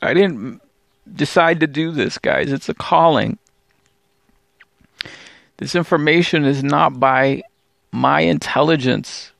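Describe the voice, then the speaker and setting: A man's voice: on the high side, takes it slowly, vocal fry, long pauses, a bit bright, dry recording, clean studio sound. A man hosting a religious video channel, speaking in a discouraged, pleading monologue full of stammered restarts and repeated appeals. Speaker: Bible teacher and channel host. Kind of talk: emotional religious vlog monologue.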